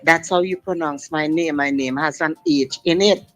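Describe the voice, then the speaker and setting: A woman's voice: low-pitched, normal speed, low-quality recording. A middle-aged woman calling in to a radio show, talking in long, emphatic, impassioned sentences over the phone. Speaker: radio caller. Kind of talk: call-in radio talk.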